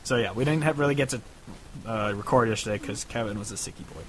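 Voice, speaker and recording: A man's voice: fairly low pitch, fast talker. A young man from the Chicago area co-hosting a casual music podcast, rambling and laughing often. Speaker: podcast co-host. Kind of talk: casual chat.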